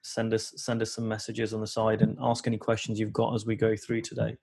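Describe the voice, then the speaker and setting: A man's voice: lowish voice, completely flat delivery, fairly quick, creaky, a little mellow, slightly rough. A man hosting a live coaching webinar over a video call, talking casually with many fillers and restarts.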